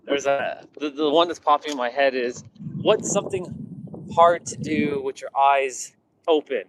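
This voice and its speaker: A man's voice: medium pitch, fairly even intonation, moderate pace, slight background noise, low-quality recording. A man telling stories in a loose, casual way, rambling, restarting sentences and acting out what people said. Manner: rambling, many restarts, acts out quotes. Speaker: vlogger. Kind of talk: casual storytelling.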